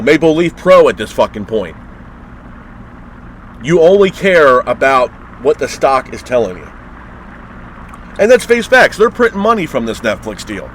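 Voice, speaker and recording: A man's voice: medium pitch, fairly bright tone, a little hiss or hum, rough recording. A man hosting a wrestling review show, ranting in a heated, exasperated way and swearing constantly.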